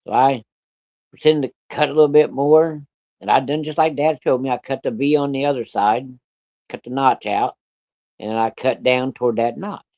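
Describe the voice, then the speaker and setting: A man's voice: medium pitch, no room sound, dull audio. A man telling a story from his childhood in a casual, folksy way, with colloquial country grammar and plenty of cursing.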